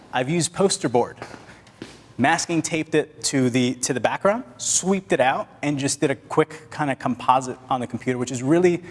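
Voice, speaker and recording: A man teaching photography at a live workshop, chatting with the audience and directing his assistants while he shoots. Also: mid-range voice. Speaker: photography instructor. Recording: hall reverb, faint noise.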